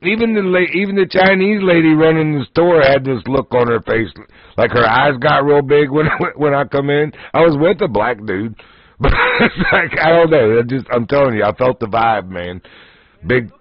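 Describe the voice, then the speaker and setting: This livestream host talks at normal speed and medium pitch, sharing folksy, casual stories and laughing often. The dry, dull lo-fi stream audio has no echo.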